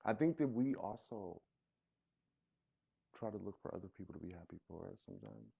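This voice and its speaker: A man's voice: sits low, huge pitch swings, fairly quick, gravelly, warm tone, breathy edge. A man who is a musician, talking in a laid-back, joking way on a podcast and trailing off now and then. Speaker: musician guest. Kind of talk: casual chat.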